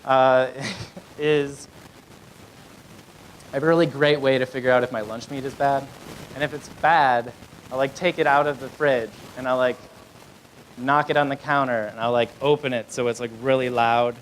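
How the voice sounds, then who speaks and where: A man's voice: mid-range voice, steady tone, normal speed, pauses often, slight background noise, poor audio. Rambling young male stand-up comic. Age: young adult. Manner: rambling, self-deprecating, many fillers. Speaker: stand-up comedian. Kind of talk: live stand-up set. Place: small comedy club, live.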